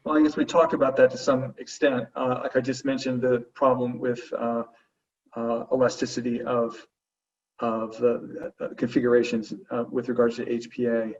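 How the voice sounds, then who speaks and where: A man answering webinar questions as a panelist, halting, with frequent fillers and restarts. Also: medium pitch, level tone, darkish tone. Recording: distant, muffled remote audio.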